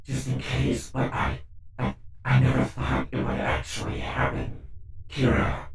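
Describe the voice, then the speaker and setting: A man voicing a calculating young detective through a voice modifier, flat and measured. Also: gravelly, heavy reverb, distant mic, heavily acted, rough recording. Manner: surprised at first, then low monotone address.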